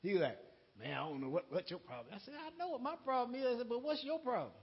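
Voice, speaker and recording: A man's voice: very high-pitched, sing-song, fast, highs cut off. A man preaching an unscripted sermon in a folksy, laughing way, quoting conversations and repeating words. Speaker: lay preacher.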